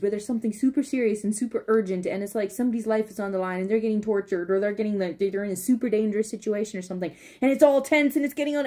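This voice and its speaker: A woman's voice: mid-range voice, mellow. A woman reviewing a drama in casual video commentary, rambling and laughing often and losing her train of thought. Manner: laughs often while talking.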